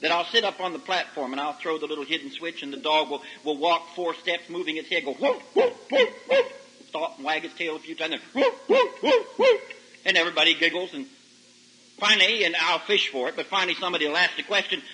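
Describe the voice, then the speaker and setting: A man preaching a folksy sermon to young people, telling stories and rising to loud emphatic peaks. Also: a little high, quick pace, rough recording. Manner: folksy, animated storytelling with sudden loud rises. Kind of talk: sermon to a youth service. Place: camp meeting service. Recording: old 1990s radio broadcast recording.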